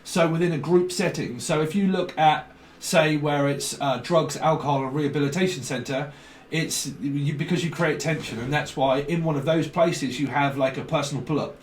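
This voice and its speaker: A man with a fairly high voice rambles through a psychic reading, jumping from word to word and swearing as he goes. He sits back from the mic in a roomy space with a faint hiss behind him. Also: moderate pace, far from the mic. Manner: free-associating, swearing, frequent fillers. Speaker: tarot reader.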